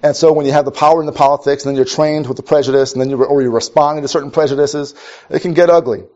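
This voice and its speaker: His voice is on the high side, dark in tone and steady, delivered rapid-fire. The Minnesota man is preaching a conversational sermon, telling wry stories and often restarting sentences, and the recording is dull lo-fi.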